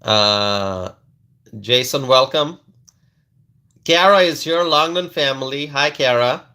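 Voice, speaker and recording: A man's voice: mid-range voice, bright, forceful tone, clear, resonant tone. A man hosting a casual political livestream, laughing often and repeating lines for effect, with frequent restarts. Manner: slow drawn-out delivery with many restarts. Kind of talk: casual commentary to live viewers.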